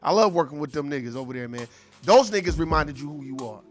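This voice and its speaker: A man telling a story in an animated, profane, streetwise casual rant. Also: fairly high pitch, fast talker, soft background music. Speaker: show host.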